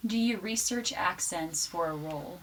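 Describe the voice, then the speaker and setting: A woman's voice: on the low side, moderate pace. A woman interviewer asking short, dry questions. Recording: distant, faint background hiss.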